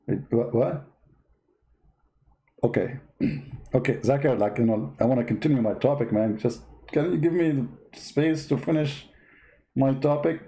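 A man's voice: medium pitch, lively intonation, unhurried, pauses often, warm tone, low-quality recording. A man from the East, hosting comedic religious commentary in a sarcastic, mock-bewildered way. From Middle East. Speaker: host.

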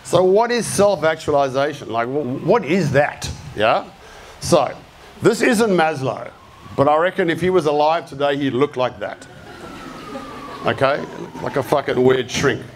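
An Australian man speaks at a creative talk in an event room before a live audience, his voice a little high, animated and a little slow over a faint hiss or hum. He's casual and blunt, swearing freely and quizzing the crowd.

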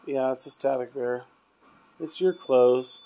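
A man's voice: medium pitch, measured pace. Male paranormal investigator, loose chatty delivery, old hotel room at night. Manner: rambling, trails off quietly. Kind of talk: casual chat during ghost hunt.

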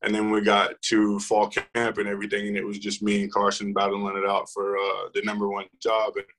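A man's voice: fairly low pitch, monotone, brisk, fairly bright tone, low-quality recording. A young man, a football player, telling his story in a casual interview, rambling with many fillers and restarts.

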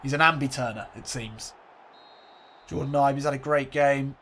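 A man hosting a let's play, calling a football game like a commentator, swinging between excitement and glumness. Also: medium pitch, normal speed.

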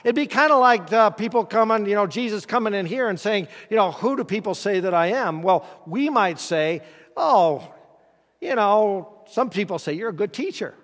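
A male pastor gives a folksy, conversational sermon and pauses to ask his congregation questions. His voice sits noticeably high for a man. The sound carries the long reverb of a church sanctuary. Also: expressive, fairly bright tone.

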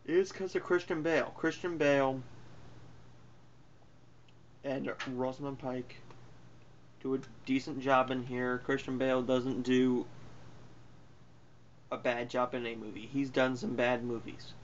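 A man's voice: mid-range voice, level tone, takes it slowly, long pauses, muffled recording, slight background noise. A man giving a casual spoken movie review in a rambling, offhand way, full of fillers and self-corrections. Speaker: film reviewer.

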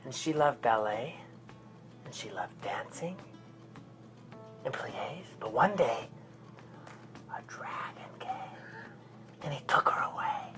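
A man, a father, telling a child a whispered bedtime story in a hushed voice, acting out the characters. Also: mid-range voice, lively intonation, slow, long pauses, over music.

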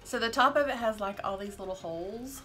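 A middle-aged woman with a bright, crisp voice, upbeat and easily delighted in casual chat. Soft music sits faintly behind her. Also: on the high side, fairly quick, poor audio. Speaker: vlog co-host, mother.

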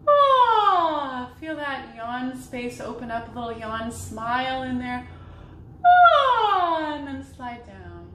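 A young woman voice teacher leading a vocal warm-up, talking gently and slowly between sung demonstrations. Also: fairly high pitch, slight background noise. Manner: slow, gentle guiding talk with sung demonstrations. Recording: roomy sound with piano behind.

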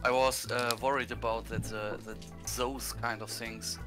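Guy on voice chat, mid-pitched, helpful and a bit hesitant, clear music going behind. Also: flat delivery, measured pace. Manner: helpful, explains, hesitant fillers. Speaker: guest on voice chat. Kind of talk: casual voice chat.

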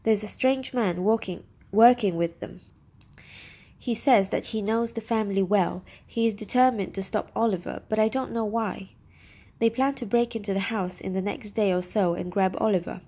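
Voicing a tearful, nervous young thief in a storybook reading, a woman pleads in quick bursts. Her voice is mid-range, husky, and dark in tone.

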